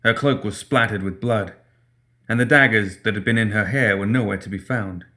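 A man narrates a story with a steady, measured delivery. His voice sits a bit lower than most. He reads each line at an even, composed pace. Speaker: audiobook narrator.

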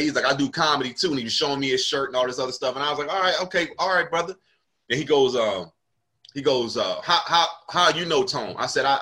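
A man's voice: medium pitch, bright, forceful tone. A male comedian in casual conversation, animatedly telling a story and acting out what people said.

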